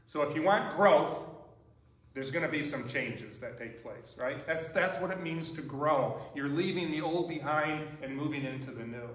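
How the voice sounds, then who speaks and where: A man's voice: on the high side, normal speed, a bit bright, recorded from a distance. Conversational male pastor in an echoey church. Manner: conversational, often asks "right?". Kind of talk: sermon. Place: church sanctuary.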